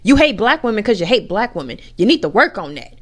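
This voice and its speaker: A woman's voice: medium pitch, very animated, fast talker. A woman giving a candid personal rant to camera, blunt and profane as she talks frankly about her own family. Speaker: vlogger.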